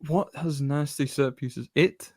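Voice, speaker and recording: A man's voice: a little high, fairly even intonation, measured pace, no room sound, clean studio sound. Man thinking aloud in a film quiz. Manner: thinks aloud, repeats clues back. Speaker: podcast co-host guessing films. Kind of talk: casual movie quiz chat.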